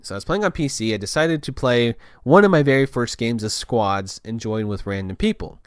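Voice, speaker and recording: A man's voice: mid-range voice, lively intonation, fairly quick, smooth, no room sound, studio quality. A young man telling a casual story in a loose, rambling way, full of restarts and filler words.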